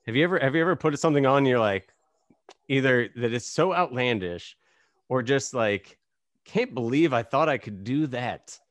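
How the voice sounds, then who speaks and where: A man hosts a podcast in a loose, rambling way, poking fun at himself as he talks. His voice is recorded close and dry, with no room sound. His pitch sits in an ordinary middle range. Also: expressive, moderate pace, dry recording. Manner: rambling, self-deprecating storytelling. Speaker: podcast host. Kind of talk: casual conversation.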